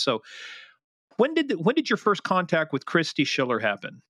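Brief: middle-aged man, podcast host, easygoing questioner, bright tone. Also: a little high, very animated, brisk, no room sound, studio quality. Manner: conversational, prompting with questions. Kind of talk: casual interview.

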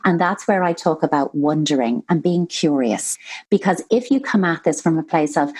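A woman, a psychotherapist guest explaining her ideas in a lively, animated way on a podcast. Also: low-pitched, normal speed. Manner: animated, mimics voices when quoting. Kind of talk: expert conversation on a podcast.

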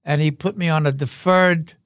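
An older man, a veteran actor and podcast guest, telling rambling, wry anecdotes with halting fillers. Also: fairly high pitch, fairly even intonation, fairly bright tone, clean tone, dry recording, studio quality. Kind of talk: anecdotal interview talk.

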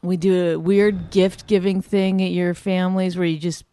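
A woman's voice: fairly low pitch, flat delivery, moderate pace, mellow, clean tone, dry recording. A woman in a casual argument with her husband, teasing him and mimicking him. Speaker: wife.

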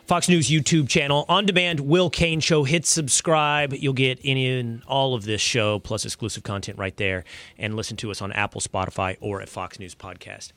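A man's voice: medium pitch, fairly even intonation, moderate pace, a bit bright, no room sound. A man hosting a show, giving emphatic, conversational sports opinion commentary. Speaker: show host.

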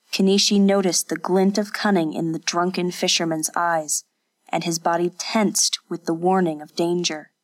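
Woman narrator, audiobook, scripted narration, even and unhurried, lowish voice.

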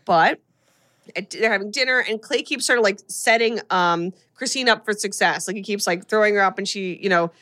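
Female podcast co-host, casual chat, animated storyteller who acts out lines. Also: mid-range voice, fairly quick. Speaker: podcast co-host recapping a film.

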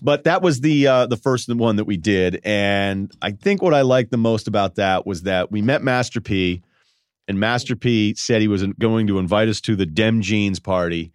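Guy in his 40s rambling through old stories on his podcast, lowish voice, chuckles a lot, dry close mic. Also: moderate pace, clear, resonant tone, no room sound. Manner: loose, self-mocking, laughs mid-sentence. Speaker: podcast host. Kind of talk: casual storytelling monologue.

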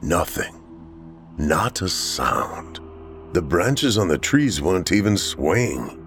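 A man's voice: low-pitched, very animated, slow pace, a bit bright, faint music behind. A man narrating a first-person horror story in a dramatic way, acting out the frightened lines.

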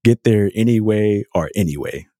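A man with a very low, mellow voice talks through a book in a loose, rambling way, often stopping to correct himself. The sound is dry and close, with no room around it. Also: expressive, moderate pace, no echo. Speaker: podcast guest, author. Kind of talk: casual podcast chat.

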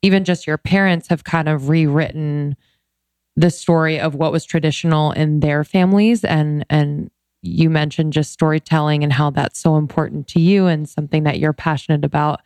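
A woman hosting a casual interview, asking curious, reflective questions at a measured pace. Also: low voice, fairly even intonation, a little mellow, no echo. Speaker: podcast host.

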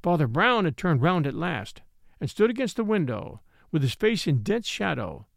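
Gravelly expressive male narrator. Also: a little high, normal speed, dry recording, studio quality. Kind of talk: audiobook narration of a classic mystery.

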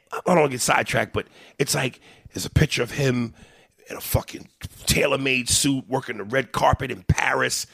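A man, a comedian, talking in a casual podcast chat, profane and animated, often acting out little voices. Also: medium pitch, gravelly, breathy edge, no room sound, clean studio sound. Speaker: comedian guest.

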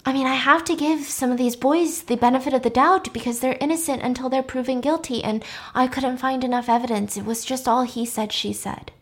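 Soft-spoken self-justifying female dean, as a woman reads her out in a movie recap, evasive, a little high-pitched. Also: fairly even intonation, fairly quick, few pauses. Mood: defensive. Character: defensive middle-aged female college dean.

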